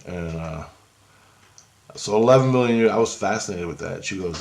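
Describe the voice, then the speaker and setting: A man vlogging a casual, rambling story, excitedly quoting both sides of a conversation. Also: on the low side, unhurried, vocal fry, pauses often, slight background noise. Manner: rambling, excitable, keeps quoting back and forth.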